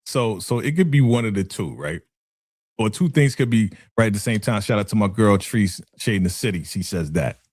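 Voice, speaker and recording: A man hosting a casual TV recap chat, animated and laughing often, acting out the characters' dialogue. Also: fairly low pitch, a little fast, no room sound. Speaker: podcast host.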